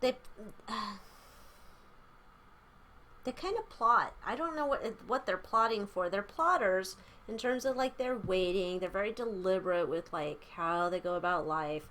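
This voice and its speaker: A woman's voice: mid-range voice, a little slow, a bit bright. A woman giving a casual tarot reading, rambling and chatty, irreverent, with casual swearing. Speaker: tarot reader.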